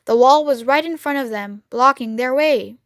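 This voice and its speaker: A woman reading a children's book aloud, clear and expressive. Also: sits high, normal speed, no echo, clean studio sound. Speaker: storyteller. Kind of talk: children's read-aloud narration.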